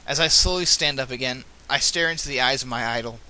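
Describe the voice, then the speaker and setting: Bright-toned man reading fan fiction. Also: mid-range voice, fast, smooth. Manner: casual, self-correcting asides. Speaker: reader. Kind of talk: reading fanfiction aloud.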